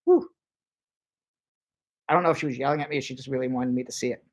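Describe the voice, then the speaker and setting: A man hosting a live-stream Q&A, talking as a lawyer to his viewers. His delivery is brisk and chatty, with a medium-pitched voice. He slows right down when he spells out numbers. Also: fairly even intonation. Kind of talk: live-stream Q&A, reading viewer questions aloud.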